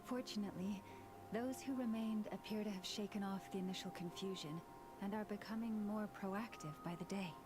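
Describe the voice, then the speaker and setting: Calm earnest woman leader, measured and gentle, woman voicing her, music going behind. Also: medium pitch, natural voice. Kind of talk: video game dialogue. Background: game music.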